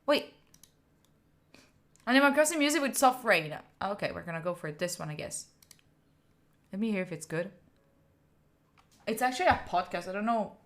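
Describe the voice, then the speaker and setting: A woman's voice: medium pitch, animated, normal speed, pauses often. A woman from Italy hosting a study live stream, chatting playfully with her viewers, laughing and swearing often. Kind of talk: casual live-stream chat.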